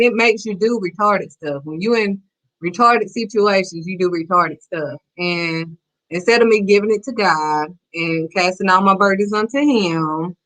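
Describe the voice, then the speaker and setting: A woman's voice: mid-range voice, fairly bright tone, low-quality recording. Emphatic woman preaching faith advice. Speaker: host.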